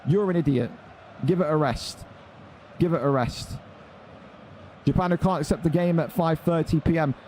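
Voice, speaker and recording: A man's voice: on the high side, moderate pace, long pauses, dark tone, slight background noise. An irritated young man, swearing and scolding his chat during an esports tournament stream. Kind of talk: angry ranting at chat on stream.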